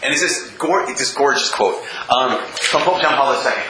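A man giving a church talk, telling personal stories with humour, often laughing and adding quick asides. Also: medium pitch, lively intonation, bright, forceful tone. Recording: echoey room, from a distance.

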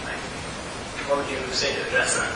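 A man's voice: mid-range voice, monotone, a little fast. A man in the audience hesitantly asking a question, with many fillers. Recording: echoey hall, far off, hiss.

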